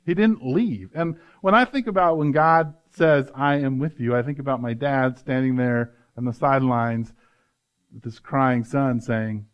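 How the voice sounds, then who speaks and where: A man's voice: mid-range voice, unhurried, muffled recording. A male pastor giving an earnest, conversational sermon, often adding "right?" to his points.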